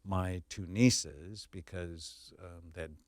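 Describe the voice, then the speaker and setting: A man's voice: deep voice, steady tone, slow, darkish tone, no echo. A man, a child psychiatrist, explaining earnestly and emphatically as a guest in a podcast interview.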